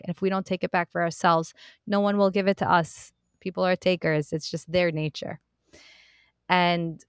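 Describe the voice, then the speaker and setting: A woman's voice: fairly low pitch, no room sound, clean studio sound. A woman hosting a self-help podcast, talking earnestly and encouragingly to her listeners in a casual, direct way. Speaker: podcast host. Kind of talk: motivational self-help talk.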